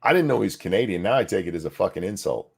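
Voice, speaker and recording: A man co-hosting a casual podcast, blunt and crude in his rants. His voice sits low but jumps around with lots of animated inflection. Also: fast, vocal fry, husky. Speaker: co-host.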